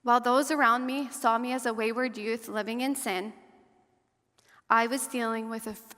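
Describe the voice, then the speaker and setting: Speaking with a fairly high pitch and steady tone, an earnest woman gives a personal testimony in a reverberant hall or church. She is a guest speaker and survivor advocate, measured throughout, and she slows and softens at the painful parts.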